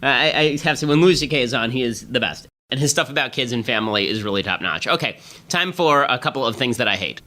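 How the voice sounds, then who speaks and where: A man hosting a political podcast, delivering a rapid, sardonic commentary monologue. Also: medium pitch, expressive, bright, forceful tone. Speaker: podcast host.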